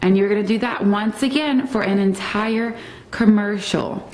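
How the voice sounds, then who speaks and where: A woman's voice: medium pitch, measured pace, darkish tone, very echoey, far from the mic, a little hiss or hum, poor audio. A woman presenting a fitness segment, coaching viewers through exercises in an upbeat instructional way and calling out reps. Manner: upbeat instructional, says "y'all" and "all right?". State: a little out of breath. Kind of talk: demonstrating a workout on a TV show.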